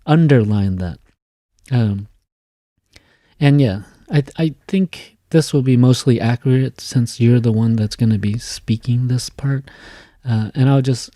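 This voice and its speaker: A man teaching a class, explaining an assignment in a casual way, with many fillers and quick "okay?" checks. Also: mid-range voice, mellow, no echo, clean studio sound. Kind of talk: recorded class lecture.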